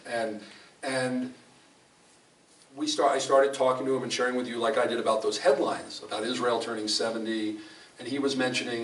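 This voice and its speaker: In a fellowship hall that echoes around a far-off microphone, with faint room noise, a man of medium pitch and fairly bright tone preaches. He tells stories conversationally yet emphatically, frequently beginning his sentences again.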